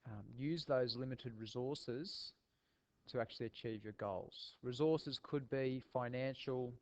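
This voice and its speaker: A man teaching a recorded video lesson, his voice nasal from a cold, talking in a relaxed way with frequent ums and restarts. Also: mid-range voice, unhurried.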